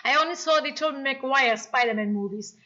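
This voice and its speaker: A woman with a German accent chatting casually on a live stream, reading comments aloud and apologizing often in an excitable way. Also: high voice, fairly quick, highs cut off.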